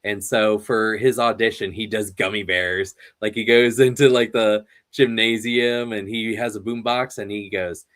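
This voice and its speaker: A man's voice: on the low side, steady tone, unhurried, hardly any pauses, a bit bright. A man hosting an interview, telling rambling stories in casual chat and laughing often. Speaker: interview host.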